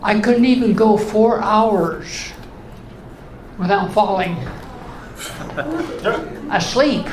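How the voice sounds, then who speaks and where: Slow, high-voiced old man comic. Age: 80s. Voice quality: high voice after voice surgery. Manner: slow deadpan one-liners. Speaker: stand-up comedian. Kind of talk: stand-up routine. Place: comedy club stage. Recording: echoey club with room noise.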